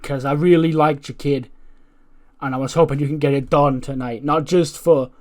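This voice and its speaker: A man's voice: on the high side, fairly even intonation, moderate pace, natural voice. A man voicing a brash male wrestling manager who scolds and goads in swaggering trash talk. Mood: scolding.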